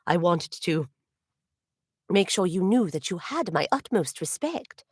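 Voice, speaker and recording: Lively, polite woman streaming from home. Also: lowish voice, a little slow, no room sound, clean studio sound. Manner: polite, slightly formal wording; chatty, with frequent little laughs and throat clearing. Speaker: voice actor hosting a livestream signing. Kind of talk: casual livestream chat.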